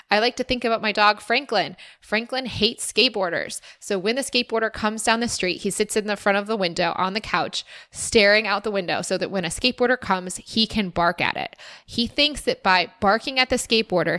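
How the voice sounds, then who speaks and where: A woman's voice: medium pitch, sharp tone. A woman hosting a solo podcast, answering listener questions in an earnest, encouraging and reflective way. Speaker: podcast host. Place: former resident of Austin.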